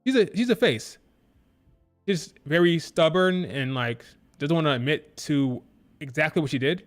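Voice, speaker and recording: Male stream host, fairly high voice, animated and opinionated, hammers each point home by repeating it. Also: normal speed, soft background music. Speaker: wrestling show reviewer. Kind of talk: live-stream commentary.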